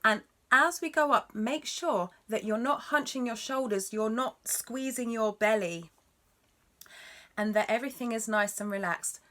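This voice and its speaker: Bright-voiced woman teaching singing. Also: a little high, measured pace, a little hiss or hum. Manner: encouraging, instructive, demonstrates notes. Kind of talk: vocal lesson talk.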